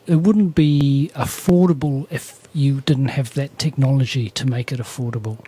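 A man's voice: medium pitch, fairly even intonation, normal speed, warm tone, breathy edge. A man, an animator chatting in an interview, often correcting himself and laughing easily. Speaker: animator guest. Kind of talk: conversational interview.

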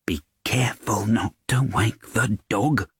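A man voicing a sly male cattle thief in a storybook reading, low, slow and conspiratorial, half-whispering the plan. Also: loud music behind the voice. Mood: scheming. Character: two sly male cattle thieves plotting. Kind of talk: storybook read-aloud.

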